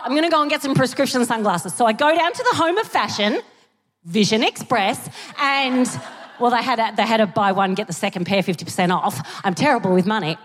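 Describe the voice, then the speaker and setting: Here a medium-pitched Australian woman performs comedy live in a theatre whose hall adds long reverb. She spins animated stories and punctuates them with abrupt, shouted punchlines.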